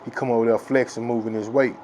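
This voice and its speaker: A man from Texas telling a childhood story in a rambling, profane, filler-heavy way that grows loud and excited with laughs. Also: medium pitch, fast talker, slight background noise. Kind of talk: casual storytelling.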